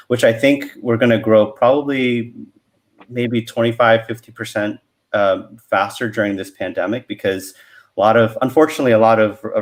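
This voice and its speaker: A man speaking as a guest expert on a casual video call, relaxed and talking in loose restarts. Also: on the low side. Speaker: franchise growth expert guest.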